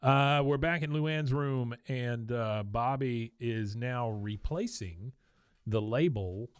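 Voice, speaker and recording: A man co-hosting a casual podcast recaps an episode scene by scene. He tells it briskly and chuckles often. His voice sits at a middle pitch, and the room is dry and close. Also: clear, resonant tone, dry recording. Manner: lively retelling, chuckling often. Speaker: podcast co-host.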